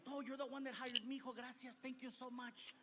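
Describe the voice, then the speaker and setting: A man voicing a soft-spoken, even-keeled old Mexican mother who drops into Spanish, on a stand-up recording with background noise. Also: very high-pitched, brisk, pitched above the performer's own voice. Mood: flustered. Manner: soft, sweetly anxious, mixing in Spanish.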